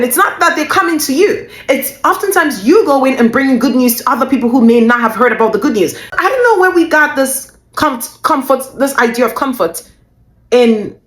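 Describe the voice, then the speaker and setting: A woman with a high-sitting voice gives a motivational Christian talk as a faith-based business coach. She is emphatic, repeats phrases for stress and often laughs mid-sentence, with a roomy sound.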